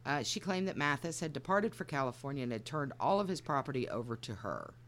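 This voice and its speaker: A woman's voice: extremely low pitch, lively intonation, brisk, fairly bright tone, a little hiss or hum. A woman co-hosting a podcast, trading dry teasing remarks and reading a story aloud with wry asides. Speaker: podcast co-host and story reader. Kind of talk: casual comedic chat and narrating a story.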